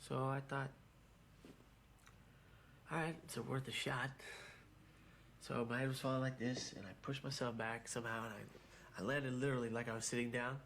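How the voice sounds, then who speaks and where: A man telling a personal story in a documentary interview, halting and repeating his words as he goes. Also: mid-range voice, little pitch movement, a bit bright, slight background noise. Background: music.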